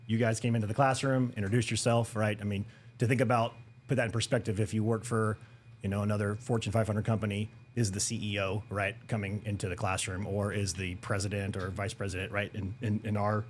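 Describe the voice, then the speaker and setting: A man's voice: fairly low pitch, little pitch movement, fairly quick, slight background noise. A man being interviewed as a new supervisor, upbeat and agreeable. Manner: upbeat, agreeable, many "yeah"s. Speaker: guest supervisor. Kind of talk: casual interview chat.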